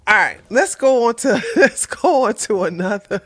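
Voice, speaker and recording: A woman's voice: on the high side, lively intonation, normal speed. A woman hosting a livestream, giving casual, sarcastic commentary and often breaking into laughter. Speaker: livestream host. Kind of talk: casual commentary reading chat.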